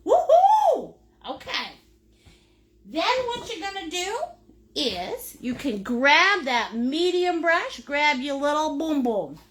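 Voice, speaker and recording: Greeting viewers by name and laughing often, a middle-aged woman leads a playful, silly live painting lesson as the instructor. She speaks slowly in a high-pitched voice with big pitch swings, and background noise can be heard.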